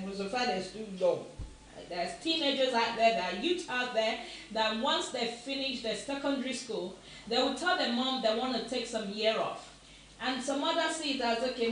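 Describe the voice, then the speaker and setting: A woman's voice: fairly high pitch, a bit bright, slight background noise. Woman chatting in an echoey room. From Africa. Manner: chatty and encouraging, often laughing. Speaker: host of a live online show. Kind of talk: casual talk to live viewers. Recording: echoey room, mic far off.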